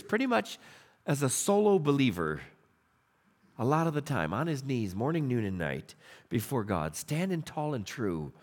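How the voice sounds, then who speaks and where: A middle-aged man preaching a sermon, retelling scripture stories with animated storytelling and acted-out voices. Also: a little high. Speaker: pastor.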